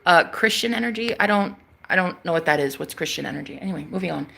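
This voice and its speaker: Speaking fast in a lowish, gravelly and slightly bright voice, a young woman addresses her followers as a psychic vlogger. Her intonation is lively, and she's emphatic and slangy, swearing freely while preaching about spiritual matters in a casual vlog monologue.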